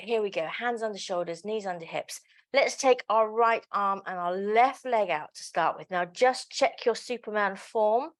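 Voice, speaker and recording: A woman teaching a live pilates class, giving counted cues with joking, chatty asides. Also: medium pitch. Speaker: pilates instructor. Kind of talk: live exercise class instruction.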